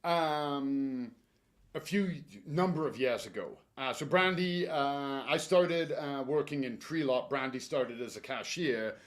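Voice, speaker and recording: A man's voice: mid-range voice, takes it slowly. A man who works at a garden store giving casual, joking gardening advice. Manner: chatty, joking, animated advice. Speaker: garden center staff presenter.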